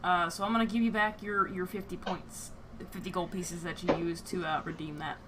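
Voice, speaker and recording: A woman's voice: on the low side, fairly even intonation, fairly quick, noisy background. A woman game master on a live stream, joking casually, swearing, and filling her talk with "uh.". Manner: filler-heavy, joking, swears freely.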